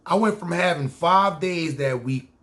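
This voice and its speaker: A man's voice: fairly high pitch, unhurried. Slangy New York man telling a story. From New York City. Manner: slangy, animated, acts out the people in his story. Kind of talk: casual storytelling podcast.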